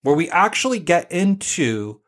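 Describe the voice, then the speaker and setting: A man's voice: high-pitched, sing-song, unhurried. Chatty rambling man on a podcast. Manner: chatty, rambling storyteller with many fillers. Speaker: podcast co-host. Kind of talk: casual podcast chat.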